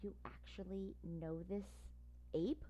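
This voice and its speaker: A woman voicing a feisty young female dog who bosses her brother around, with sharp, teasing retorts. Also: fairly low pitch, fairly even intonation, takes it slowly, muffled recording. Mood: amazed.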